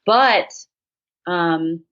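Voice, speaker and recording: A woman's voice: fairly low pitch, very slow. A woman guest in casual chat, telling jokey stories with plenty of swearing. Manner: profane, jokey, animated storytelling. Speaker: podcast guest. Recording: dull lo-fi sound.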